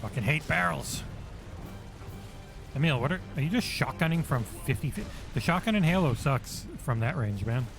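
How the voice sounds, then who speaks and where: A man streaming a game for charity on a headset mic, chatting excitedly with viewers and swearing freely. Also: a little high, normal speed, creaky. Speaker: charity livestream gamer. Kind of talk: casual game-stream commentary. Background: game music.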